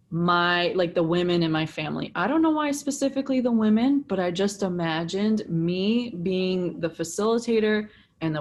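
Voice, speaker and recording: Young woman, low register, candid and animated storyteller, casual podcast chat. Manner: animated, swears freely, heavy use of "like". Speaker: breathwork facilitator, podcast guest.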